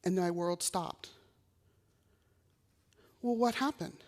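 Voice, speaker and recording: Speaking slowly in a fairly low, slightly mellow voice, a middle-aged woman from Texas gives her testimony at a college chapel. She acts out the voices of those she quotes, and the hall's long reverb hangs on her words.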